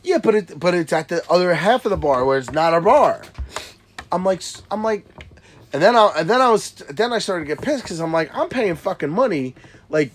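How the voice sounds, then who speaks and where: A man's voice: high-pitched, expressive, a little fast, slight background noise. Man, thirties, casual chat, profane, rambling, lots of restarts. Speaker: storyteller.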